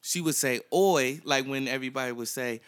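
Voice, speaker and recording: A man chatting casually on a podcast, telling stories with animated quoting. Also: mid-range voice, fast talker, clean tone. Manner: animated storytelling, mimics texts and quotes loudly.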